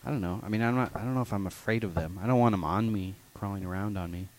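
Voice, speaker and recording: A man's voice: fairly low pitch, fast talker, slight background noise. A man co-hosting a podcast in casual chat, dry and sarcastic in his asides. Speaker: podcast co-host.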